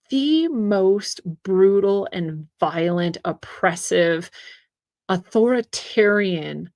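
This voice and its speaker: A woman's voice: mid-range voice, darkish tone, no echo, studio quality. A woman hosting her own show, reading out articles and commenting in a chatty way, laughing often between points. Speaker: podcast host.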